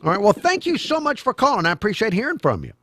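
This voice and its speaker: A man's voice: high-pitched, huge pitch swings, fast talker, fairly bright tone. A man hosting a call-in radio talk show in a studio, chatty and folksy as he takes calls. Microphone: studio microphone.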